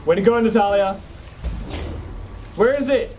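A man's voice: fairly high pitch, lively intonation, measured pace, music in the background, rough recording. Jumpy, swearing man streaming a horror game. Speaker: gameplay streamer. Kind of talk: let's play commentary. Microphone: desk mic with face cam.

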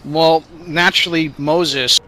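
A man's voice: a little high, fairly even intonation, slow pace, sharp tone, rough recording. A man co-hosting a casual game commentary show, speaking in a casual, sardonic way with some swearing.

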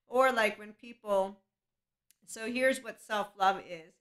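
A woman's voice: medium pitch, takes it slowly, a bit bright. A woman hosting a podcast, talking casually to her listeners in a chatty, rambling way that breaks into laughter. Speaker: podcast host. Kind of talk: casual solo talk.

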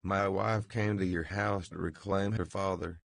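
A man narrating a novel, voicing a grim, guarded male wine-shop keeper who talks low and terse. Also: steady tone, unhurried, vocal fry, dry recording, clean studio sound, exaggerated voice.

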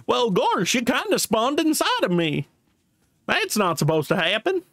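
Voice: medium pitch, very animated, measured pace, fairly bright tone, voice pushed up. A streamer voicing a friendly, clumsy cartoon dog man while reading game dialogue aloud, full of "gosh" and folksy drawl. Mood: cheerful.

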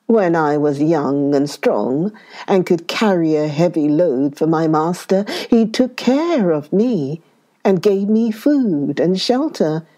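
An old, bitter camel snorts out his grievances in a storybook tale, slow and heavy. A woman acts him out with a dark, mellow tone pushed a little higher and louder than her own. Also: expressive. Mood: resentful. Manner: snorting, resentful.

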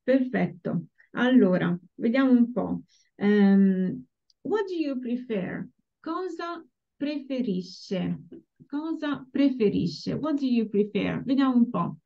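A woman teaching a language class over a video call, slowly and patiently modeling words for students to repeat. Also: a little high, animated, creaky, mellow. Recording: dull lo-fi call audio.

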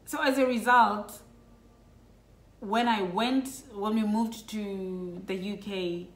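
A woman's voice: mid-range voice, steady tone, slow, roomy sound. A middle-aged woman from Lesotho, telling a personal story in a casual vlog, chatty and full of "you know" asides. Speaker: vlogger.

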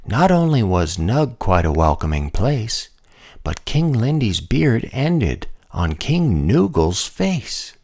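A man reading a rhyming picture book aloud in an expressive, sing-song manner. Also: lowish voice, takes it slowly. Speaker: storybook reader.

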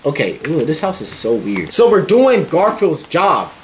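Animated, jumpy young man playing a horror game. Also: fairly high pitch, a little slow, a little hiss or hum. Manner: excitable, profane, yelps at jump scares; talks back to the game characters. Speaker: gaming YouTuber.

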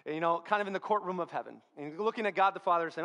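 High-voiced, joking young pastor preaching. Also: male voice, rapid-fire, few pauses, a bit bright. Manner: conversational, humorous, self-deprecating storytelling. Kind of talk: sermon. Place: church.

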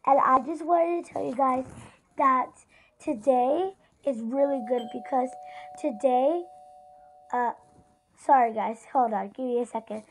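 A woman's voice: high-pitched, a little slow, slight background noise, low-quality recording. A female YouTuber chatting casually to viewers while narrating her gameplay in a rambling way. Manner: chatty and rambling, often addresses viewers directly. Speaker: gaming YouTuber.

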